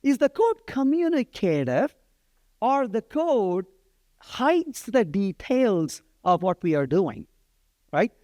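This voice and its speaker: A man's voice: high-pitched, very animated, slow pace, mellow, dry recording, studio quality. A middle-aged man giving a live-coding lecture, talking in a conversational way and often checking in with "right?". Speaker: programming instructor.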